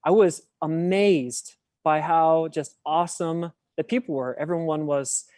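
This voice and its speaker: A man's voice: on the high side, steady tone, a little slow, darkish tone, dry recording, clean studio sound. A man, a podcast guest talking in a chatty, self-deprecating way. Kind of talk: casual podcast interview.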